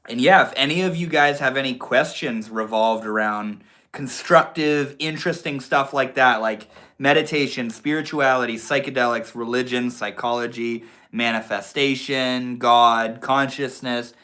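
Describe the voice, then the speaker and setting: A man's voice: medium pitch, bright, forceful tone. Laid-back Maine man hosting a livestream. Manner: laid-back, slangy, calls viewers homie and bro. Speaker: livestream host. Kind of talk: casual livestream chat reading comments.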